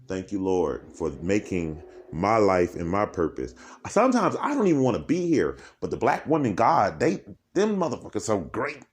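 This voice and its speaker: A man vlogging alone in a dark room by candlelight, rambling from topic to topic and laughing as he talks. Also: on the low side, normal speed, few pauses, slightly rough. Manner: animated, laughing, jumps between topics. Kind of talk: rambling stream-of-consciousness monologue.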